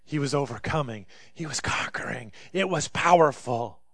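A man preaching a sermon, moving between loud, impassioned pleading and hushed, quiet stretches. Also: medium pitch, lively intonation, moderate pace, no echo. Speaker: pastor.

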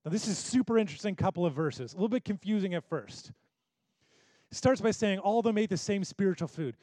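A man's voice: sits high, lively intonation, quick pace, warm tone, dry recording. A man preaching a sermon who talks animatedly and acts out the voices of the people he quotes. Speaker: pastor.

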